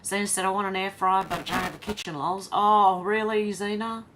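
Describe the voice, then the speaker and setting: This Australian woman keeps a steady tone at a medium pitch and talks fairly quickly, hosting a casual livestream where she reads comments aloud and chats back. Background noise is noticeable.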